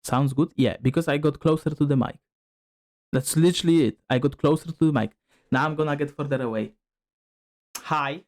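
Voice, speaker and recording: A man's voice: a little high, moderate pace, long pauses, darkish tone. A man talking casually on a home stream, rambling with plenty of fillers. His distance from the desk microphone keeps changing, so his voice moves between close and slightly distant. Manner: rambling, filler-heavy, moves toward and away from the mic. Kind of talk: casual stream chat testing a mic. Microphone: desk microphone, distance shifting.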